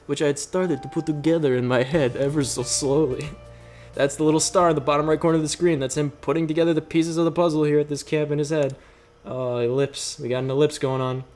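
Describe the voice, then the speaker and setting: Jokey young man reading a visual novel. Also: a little high. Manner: jokey, laughing asides between read lines. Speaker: let's play host.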